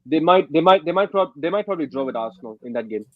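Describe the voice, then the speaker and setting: A man's voice: a little high, animated, fast, dry recording, phone-quality sound. A man chiming in on casual chat, stammering and repeating his words.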